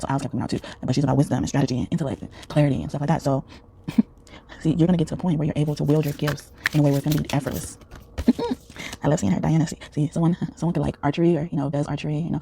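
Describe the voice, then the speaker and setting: A man's voice: on the high side, gravelly, warm tone, a little hiss or hum. A man giving a casual, rambling tarot reading, full of fillers and restarts. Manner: rambling, many fillers and restarts, frequent laughs. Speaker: tarot reader.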